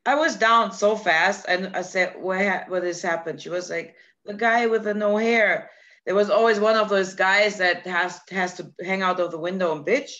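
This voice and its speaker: A woman chatting casually, telling a story with lots of laughter and lively acted-out quotes. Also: mid-range voice, normal speed. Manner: animated storytelling, laughs often. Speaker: guest. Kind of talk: casual chat. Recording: dull lo-fi sound, faint noise.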